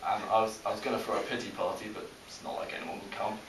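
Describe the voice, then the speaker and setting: A young British man doing a stand-up comedy set, self-deprecating, with halting delivery full of restarts. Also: on the low side, steady tone, fairly bright tone. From Britain. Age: young adult. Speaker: stand-up comic. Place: college comedy show with a live audience. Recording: echoey, distant, hissy live recording.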